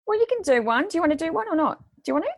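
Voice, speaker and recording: A podcast co-host with a very high voice talks at a racing pace on a dry recording. She chats casually and tells stories animatedly, acting out the quotes.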